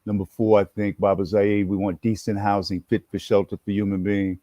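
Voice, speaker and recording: A man in his sixties from New York, an animated storyteller who acts out his story as an interview guest. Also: on the low side, a little fast, dry recording. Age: 60s. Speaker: guest, former activist and educator.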